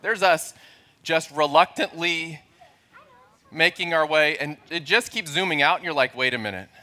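A man's voice: a little high, normal speed, pushed and bright. A man in his forties, a pastor, telling a self-deprecating, humorous story during a sermon.

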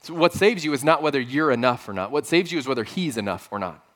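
Male pastor, mid-pitched, earnest sermon delivery with emphatic repetition. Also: expressive, fast, fairly bright tone. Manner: earnest, emphatic, with repeated phrases.

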